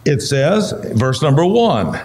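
A pastor whose voice is going hoarse, teaching a Bible study in a conversational way and asking the listeners questions. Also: male voice, fairly high pitch, big pitch swings, takes it slowly, darkish tone.

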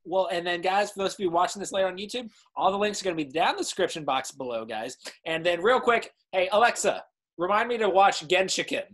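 A man's voice: high voice, animated, fast talker, a bit bright. A young man hosting a live interview show. He is upbeat and laughs often as he reads out viewer questions. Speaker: livestream host.

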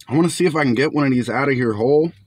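A man's voice: mid-range voice, very fast, a little mellow, no echo. A young man casually reviewing canned fish outdoors, chatty and laid-back, often calling viewers his friends. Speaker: food reviewer. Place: outdoors in bright sun.

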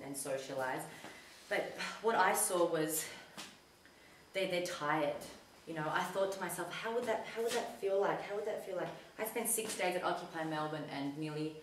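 A woman telling a personal story in a casual talk to an audience, chatty and animated when she quotes herself. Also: deep voice, a little hiss or hum. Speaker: community talk speaker. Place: community centre hall. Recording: echoey hall recorded from a distance.

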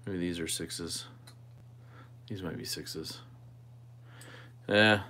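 A man's voice: low-pitched, fairly even intonation, very slow, bright, forceful tone, a little hiss or hum. A man hosting a knife channel livestream, chatting casually with viewers and thinking aloud while he tinkers with a knife.

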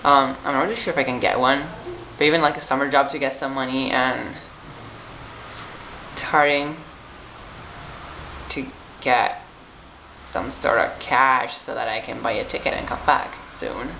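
A young adult from Italy rambles through a casual vlog, worn out and filling every pause with "like" and "um". The voice is bright with a gravelly fry underneath. It is recorded in an echoey room with a faint hum behind it. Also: medium pitch, steady tone. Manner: rambling, chatty, lots of "like" and "um". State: tired. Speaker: vlogger. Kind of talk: casual vlog chat to viewers.

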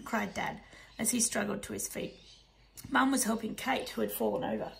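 A woman narrating a children's novel in the first person, in a hushed, soft delivery. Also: fairly high pitch, normal speed, gravelly, poor audio. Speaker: audiobook narrator.

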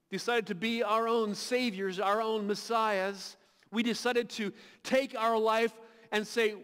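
A man with a very high voice preaches a sermon in a large church hall, his words trailing into a long reverb. He is impassioned and emphatic, swelling to loud peaks and often doubling words as he restarts a thought. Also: steady tone, measured pace, smooth. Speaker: pastor.

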